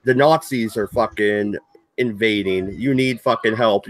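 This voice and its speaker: A man's voice: fairly low pitch, a little slow. A man hosting a casual political talk stream, reading news aloud and breaking into sarcastic, profane rants. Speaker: host.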